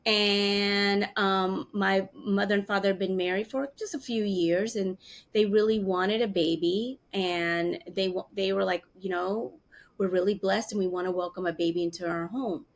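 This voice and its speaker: A woman's voice: medium pitch, moderate pace, creaky. A woman in her fifties, an interview guest telling a personal story and acting out the voices of the people she quotes. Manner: animated, acts out quoted voices.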